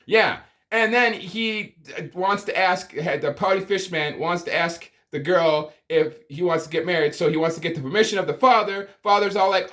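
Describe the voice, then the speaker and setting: A man's voice: high-pitched, normal speed, few pauses, fairly bright tone. A man giving a profane comedic movie review, exasperated and ranting, with sighs and groans of disbelief. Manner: exasperated, swearing, sighing rants.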